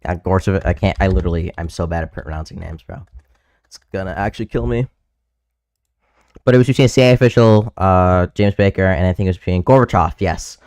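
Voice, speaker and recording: Young male streamer, low-pitched, dry sound, argumentative and keeps demanding sources. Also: quick pace, a little mellow, no echo. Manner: frustrated, repeatedly asks to finish his point. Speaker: livestream debate host. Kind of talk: heated casual debate.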